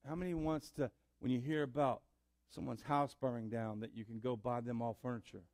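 A man preaching a sermon in church, building up to loud fervor. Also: mid-range voice, steady tone, brisk, no echo. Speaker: pastor. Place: church sanctuary.

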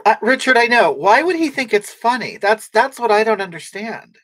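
In an improvised comedic livestream, a woman performs a snarky, brash character who rambles on and retorts sarcastically to what viewers comment. She sounds animated and fairly bright, pitched on the high side at a moderate pace, in a dry recording.

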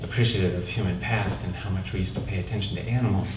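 On a live theater stage, a man performs a theatrical one-man storytelling monologue, talking conversationally and often checking in with the audience by asking "right?". He has a low voice, fairly even intonation, and talks fast. The recording is noisy and echoey, with the mic placed far off.

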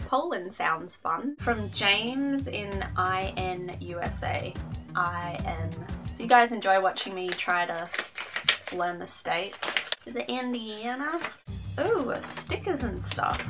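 A young woman casually reading fan letters aloud on her vlog, with lively asides. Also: medium pitch. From Australia. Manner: bubbly, reads letters aloud with quick asides. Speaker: YouTuber reading fan mail. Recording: music playing under the voice.

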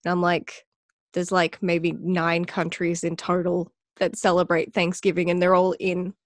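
A woman's voice: fairly low pitch, a little slow, no room sound, clean studio sound. A woman from Australia with an Australian accent, chatting as a podcast guest and acting out what people say to her with laughter. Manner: animated, acts out quoted remarks with laughter. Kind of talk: casual chat.

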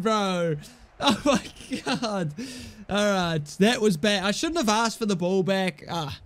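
A young man commentating his own football video game play, swinging from low mumbled asides to loud, shouted goal calls. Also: lively intonation, takes it slowly. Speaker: gaming YouTuber. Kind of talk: excitable gameplay commentary.

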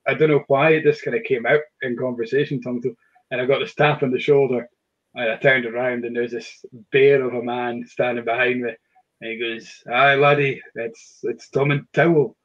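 A man hosts a relaxed online whisky chat. His pitch sits mid-range, and he hesitates often with fillers and restarts. The sound is dull and lo-fi, like a video call. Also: brisk. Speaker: whisky shop host.

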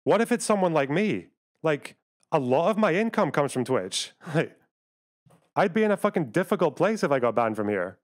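A young man from the UK talks straight to his live chat, swearing often and jumping between rants and quick asides. His voice sits at an ordinary middle pitch, and he argues in rambling bursts full of "like" and "you know.". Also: lively intonation. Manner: profane, argumentative, rapid asides to chat. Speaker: livestreamer. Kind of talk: live stream commentary, reacting to chat.

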